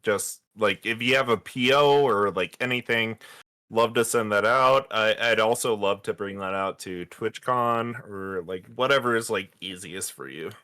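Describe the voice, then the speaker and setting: A man's voice: fairly low pitch, moderate pace, pushed and bright, no echo. A man calling in to a livestream, chatting in a laid-back, hesitant way. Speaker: caller. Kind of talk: casual call-in chat.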